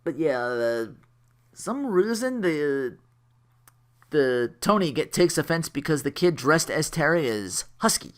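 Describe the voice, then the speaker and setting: A man's voice: fairly high pitch, sing-song, a little slow. A man giving a casual, rambling, jokey anime review, correcting himself and laughing as he goes.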